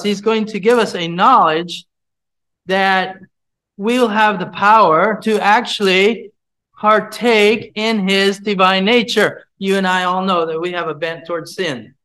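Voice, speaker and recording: A man's voice: high-pitched, bright, forceful tone, low-quality recording. A man leading a Bible study, teaching from scripture, repeating his points and putting questions to the group.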